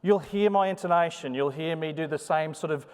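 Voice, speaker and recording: A somewhat high-voiced man gives a live conference talk, his intonation rising and falling in a sing-song way. He jokes and chats with the audience. The sound carries a long reverb from the hall. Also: brisk, smooth. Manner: chatty, joking, animated delivery. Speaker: conference presenter.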